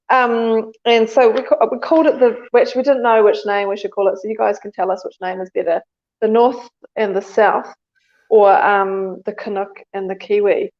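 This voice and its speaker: A woman co-hosting a comedy livestream, talking in a relaxed, hesitant way with many ums. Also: mid-range voice, lo-fi sound. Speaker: comedy show co-host. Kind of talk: casual live banter.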